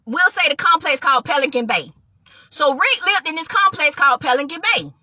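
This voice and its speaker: Talking fairly quickly in a high voice with no echo, this woman shares her testimony with listeners, animatedly playing both people in the conversation and addressing everyone as "y'all."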